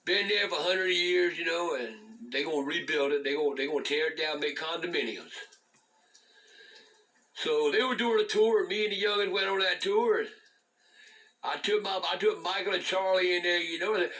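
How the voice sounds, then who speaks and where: A man's voice: sits high, fairly even intonation, moderate pace, pushed and bright, low-quality recording. An older man, telling a long profane story to camera, stumbling over repeated words and cursing constantly. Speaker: storyteller, channel host.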